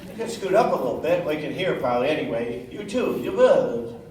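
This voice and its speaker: A man's voice: fairly high pitch, big pitch swings, a little fast, a little mellow. A man on a convention panel teasing the audience with sarcastic, profane improvised banter. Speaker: comedic voice actor on a convention panel. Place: large convention hall. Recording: echoey hall, distant mic, noisy.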